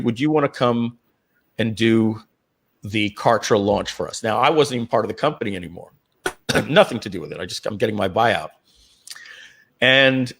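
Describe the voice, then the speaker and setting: A middle-aged man, a guest in an interview, telling his story casually, often restarting his sentences and clearing his throat, and jumping up in pitch when he acts out what others said. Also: a bit bright. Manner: acts out quoted voices with jumps in pitch. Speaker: interview guest, online marketer.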